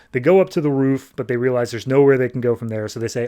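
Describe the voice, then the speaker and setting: A man hosts a podcast, casually walking through a comic book's plot. He talks in a loose, chatty way, full of quick asides and filler words, at an ordinary mid pitch. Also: dark tone. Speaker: podcast host. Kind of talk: casual comic-book recap.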